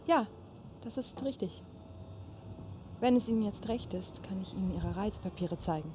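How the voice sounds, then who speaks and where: An actress playing a French resistance fighter posing as a German secretary in a video game cutscene, polite and guarded. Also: female voice, medium pitch, expressive, normal speed, noisy background, close to an everyday voice. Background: game score music.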